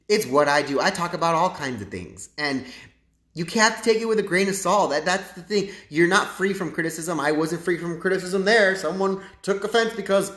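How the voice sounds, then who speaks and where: A man's voice: on the high side, fairly bright tone. A man hosting a casual livestream and chatting to his viewers in a sassy, campy way. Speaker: livestream host. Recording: echoey room.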